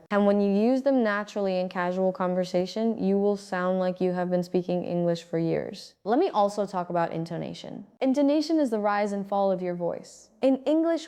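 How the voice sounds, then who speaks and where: A woman giving a calm, scripted English-speaking lesson, pronouncing each word clearly and steadily. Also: medium pitch. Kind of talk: scripted instructional narration.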